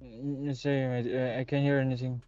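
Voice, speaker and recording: A man on game voice chat making low-key, mumbled short remarks to his squad. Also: level tone, normal speed, crowd noise. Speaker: teammate on voice chat. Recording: muffled voice chat with music behind.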